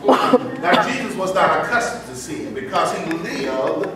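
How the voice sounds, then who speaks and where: A man's voice: high-pitched, animated, unhurried, background noise. A male pastor preaching a sermon, leading the congregation in call-and-response and drawing out sung phrases. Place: church sanctuary. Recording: echoey church from far off.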